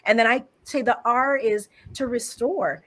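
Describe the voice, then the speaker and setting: A woman guest on an interview show, fairly high-voiced and emphatic. She tells her stories with dramatic flair and speaks in faith-filled language about hope and repair. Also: fairly even intonation, unhurried, fairly bright tone. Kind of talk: animated interview conversation.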